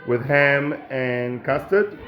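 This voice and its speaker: A man, a childcare educator gently encouraging and instructing children as they cook. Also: medium pitch, slow pace, muffled recording, over music. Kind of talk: instructing children while cooking.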